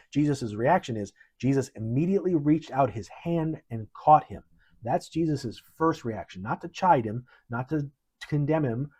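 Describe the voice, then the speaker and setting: A man's voice: mid-range voice, husky. A male pastor giving a sermon in an earnest, conversational way, pressing hard on key words. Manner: earnest, conversational preaching with animated emphasis.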